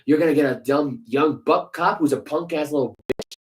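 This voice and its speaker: On a poor-quality recording, a man with a slightly high voice speaks at normal speed. He's co-hosting a sports podcast and launching into a heated, profane rant packed with sarcastic rhetorical questions.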